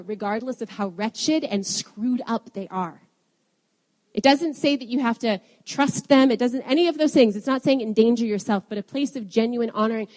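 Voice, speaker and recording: A woman preaching a sermon, telling a personal story and then quoting scripture with rising emphasis. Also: fairly high pitch. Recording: long hall reverb.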